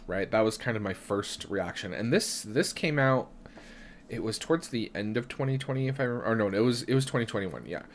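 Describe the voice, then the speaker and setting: A man's voice: fairly low pitch, lively intonation, brisk, a little hiss or hum. A young adult man hosting a tarot live stream, talking in a reflective, chatty way, often checking in with "right?" and restarting his sentences. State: has hiccups. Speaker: tarot reader and channel host. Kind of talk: live-stream casual talk.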